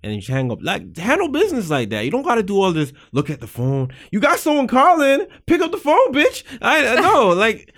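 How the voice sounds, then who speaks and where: Fast, lively young man with gravelly voice. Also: sits high. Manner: animated, swearing, acts out quoted voices. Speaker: podcast co-host. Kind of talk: casual podcast banter.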